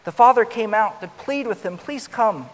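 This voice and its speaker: A man preaching a sermon, growing louder and higher as he acts out the older son's complaint. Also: brisk. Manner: rises loud and high when acting out the older son's complaint. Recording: long hall reverb with faint hiss.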